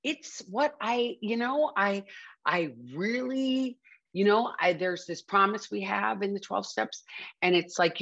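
Talking openly on her podcast about recovering from addiction, a woman earnestly circles back and restarts her sentences often. Her mid-range voice is expressive and measured, with vocal fry and slight roughness, and the audio is dull.

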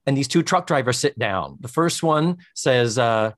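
A man's voice: medium pitch, no echo, studio quality. A man co-hosting a podcast, chatting casually as he recaps a sitcom episode and acts out the characters' lines. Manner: animated, acts out characters' lines in quick voices. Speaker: podcast co-host.

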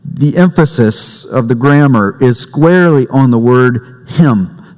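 A man delivers a sermon in an unhurried, conversational way. He leans on jokes and family anecdotes. His voice carries a long reverb in a church sanctuary. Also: mid-range voice, expressive, a little mellow. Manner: conversational preaching with humor and family stories. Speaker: pastor.

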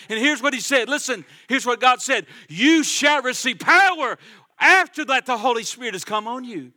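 A male pastor preaches a sermon in a church sanctuary in a high, bright voice. His preaching is fervent, swinging between loud declarations and quiet asides.

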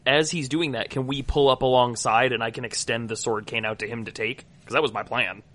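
A man playing a tabletop game, expressive, dropping to low mutters and then jumping to loud outbursts. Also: brisk. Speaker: player. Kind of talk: casual game talk.

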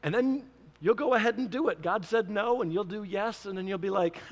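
A man's voice: high-pitched, fast talker, hardly any pauses, big-room sound. A man preaching a sermon as pastor, telling stories and acting out his own prayers.

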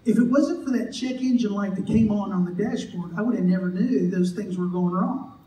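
Pastor, male, high voice, conversational sermon, echoey distant church recording. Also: a little fast, warm tone, slight background noise. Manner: conversational, joking, acts out quoted voices. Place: church sanctuary. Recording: echoey church hall, mic from afar.

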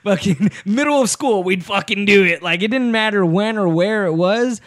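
A man's voice: high-pitched, normal speed. A young man hosting a casual podcast chat, telling stories animatedly, swearing often and acting out quotes. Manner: animated storyteller, swears a lot, acts out quotes.

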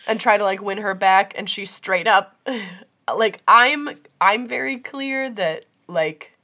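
A woman's voice: mid-range voice, slow pace, sharp tone. Chatty young woman retelling a TV show. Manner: chatty, lots of "like", laughs often, acts out quotes. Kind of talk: casual chat.

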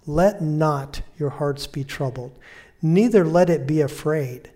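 Man, sermon, conversational, slightly high voice, mellow tone, soft slow scripture quotes. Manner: conversational preaching, repeats phrases, fillers and restarts; slows and softens when quoting Scripture. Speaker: preacher.

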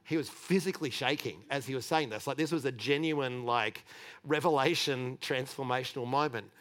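Male pastor, middle-aged, relaxed conversational sermon, candid and chatty. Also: mid-range voice, moderate pace. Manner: chatty and candid, with frequent restarts and light laughter.

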